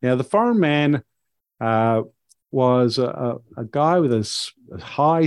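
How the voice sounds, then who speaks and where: A man's voice: mid-range voice, no room sound, studio quality. A man hosting a podcast, telling a story in a casual, rambling way with many fillers and restarts.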